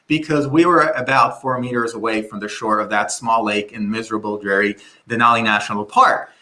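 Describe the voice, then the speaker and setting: A middle-aged man presenting a webinar, telling a story in an animated way with many restarts. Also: mid-range voice, moderate pace.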